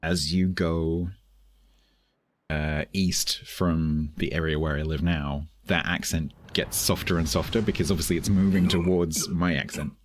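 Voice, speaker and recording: This is a man from London speaking with a Southeast English accent, his voice sitting very low and deep. He chats casually to his stream, rambling from point to point and dropping dry joking asides as he goes. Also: steady tone, unhurried, slight background noise. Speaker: game streamer. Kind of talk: casual live-stream chat.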